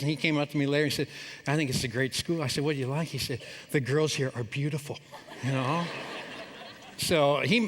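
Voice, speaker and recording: A man's voice: fairly high pitch, a bit bright. A middle-aged man giving a humorous chapel talk, telling family stories and acting out his parents' lines. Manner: storytelling, jokey, acts out his parents' lines. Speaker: chapel speaker. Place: large hall. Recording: long reverb of a large hall.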